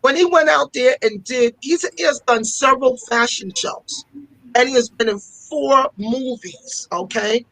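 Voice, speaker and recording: In poor audio without echo, a woman with a high-pitched, fairly bright voice speaks at a measured pace. She heads a fashion school and is a guest in a casual interview, where she recounts stories with passion and keeps repeating things for emphasis.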